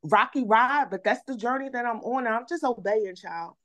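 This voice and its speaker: Appearing as a guest on a podcast, a woman tells her story in casual, animated chat, repeating words and saying "y'all." Her voice is a little high and her pace moderate.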